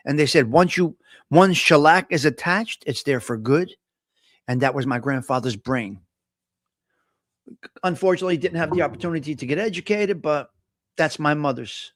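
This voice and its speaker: A middle-aged man, hosting a casual live coffee talk show and chatting in an animated, storytelling way. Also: fairly high pitch, normal speed, long pauses, no echo, clean studio sound. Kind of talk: casual live-stream chat.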